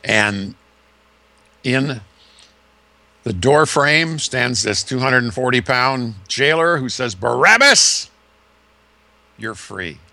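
A man's voice: mid-range voice, slow, long pauses, pushed and bright, no echo. A man preaching a sermon, retelling a story vividly with dramatic shifts in emphasis.

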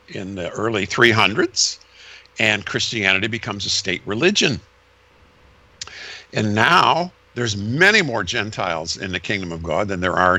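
Man, low-ish and bright, lecturing guest with emphatic, sweeping delivery. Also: gravelly. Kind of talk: explanatory conversation.

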